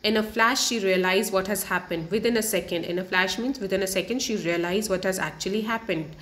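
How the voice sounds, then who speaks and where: A woman's voice: medium pitch, a little fast, fairly bright tone. A woman from India who speaks. She is a teacher who reads a story aloud to children, stopping to explain word meanings and repeating each sentence in simpler words. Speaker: English teacher.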